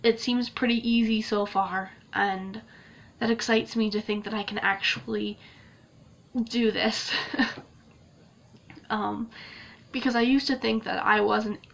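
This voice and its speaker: Gushing young woman vlogger with gravelly voice. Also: medium pitch, steady tone, takes it slowly, pauses often, a bit bright. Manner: emotional, gushing, laughs often, many fillers. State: tearing up. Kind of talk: casual vlog talk to camera.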